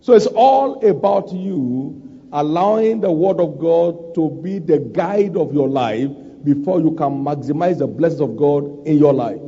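Male preacher, high and mellow, emphatic sermon delivery, muffled recording with long reverb. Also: breathy edge. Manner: emphatic, repeats scripture lines for stress.

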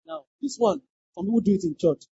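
Very husky pastor preaching. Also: medium pitch, quick pace, no echo. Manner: emphatic, repeats lines, bursts into shouted exclamations. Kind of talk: sermon. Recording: dull lo-fi dry recording.

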